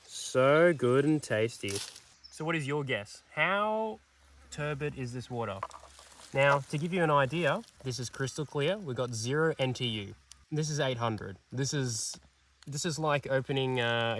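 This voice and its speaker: In this casual field vlog, a young male PhD student working outdoors in a swamp chats with enthusiasm and cracks self-mocking jokes. He speaks in a mid-range voice with a fairly bright tone, captured by a distant mic alongside faint sounds of the outdoors.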